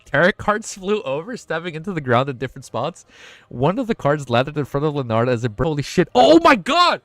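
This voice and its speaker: A young man reads a web novel aloud on a live stream, pitched slightly high for a man. He keeps breaking off to react with swearing, laughter and shouts. The sound is dry and close, with no room around it. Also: expressive, fairly quick, no echo.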